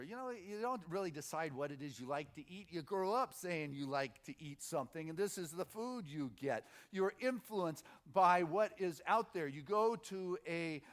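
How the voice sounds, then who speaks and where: A middle-aged man delivers a sermon to his congregation, his voice sitting a little higher than most men's. He talks casually and halts often to restart a thought. Then he gathers force by repeating the same phrase several times in a row. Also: expressive, fairly bright tone. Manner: informal, halting restarts, builds on repeated phrases. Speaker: minister. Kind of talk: conversational sermon. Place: spiritual center sanctuary.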